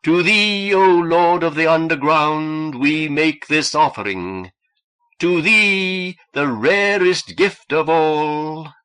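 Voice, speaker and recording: A man's voice: fairly high pitch, animated, bright, forceful tone, clean tone, faint music behind, pitched above the performer's own voice, heavily acted. A man chanting as a sinister cult leader. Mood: exalted chanting. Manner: sing-song chanting, slow and raised. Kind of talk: audiobook reading.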